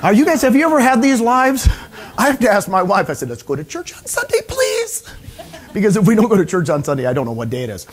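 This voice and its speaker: A man giving an energetic motivational seminar talk to a live audience, often asking them questions. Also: high voice, rapid-fire. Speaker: speaker at a real estate training session.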